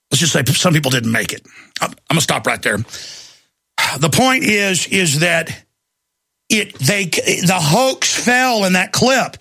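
A man hosting a talk show, delivering a heated, ranting monologue with bursts of shouting. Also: high-pitched, animated, takes it slowly, gravelly, long pauses, slightly rough, no room sound.

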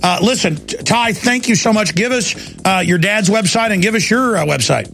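A man hosting a talk radio show, rambling fast with heavy sarcasm into a studio microphone. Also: high voice, animated, creaky, a bit bright, faint music behind.

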